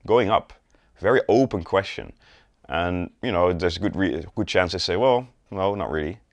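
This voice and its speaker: Man, very low voice, sales coach, instructional video, demonstrates tones, dry close recording. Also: normal speed, dry recording.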